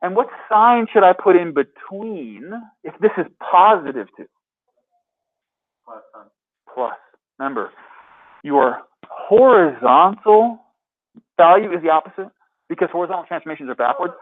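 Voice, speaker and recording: A man's voice: fairly high pitch, animated, normal speed, long pauses. Upbeat man teaching math on a tinny recording. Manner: upbeat, quizzing students. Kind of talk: classroom lecture. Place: classroom. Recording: tinny phone-like lecture capture.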